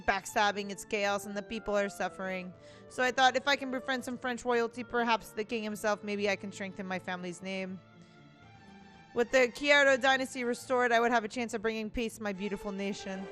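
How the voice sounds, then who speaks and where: A woman's voice: medium pitch, fairly even intonation, moderate pace, soft background music, lightly acted. A woman voicing a courteous young male prince with flowery speech, reading game dialogue aloud in a stilted put-on accent. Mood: earnest. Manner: stilted attempt at a foreign accent.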